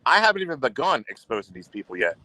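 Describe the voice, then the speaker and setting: A man's voice: mid-range voice, very animated, fast, pushed and bright, no echo. A man hosting a livestream, talking in a rambling, boastful way and repeating himself. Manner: boastful and repetitive, goes on the offensive. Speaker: livestream host.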